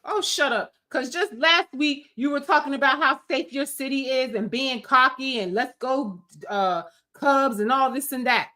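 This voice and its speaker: A woman's voice: high voice, a little slow, hardly any pauses, bright, forceful tone. A woman streamer giving heated, scolding political commentary in an emphatic rant. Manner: angry, scolding, emphatic rants.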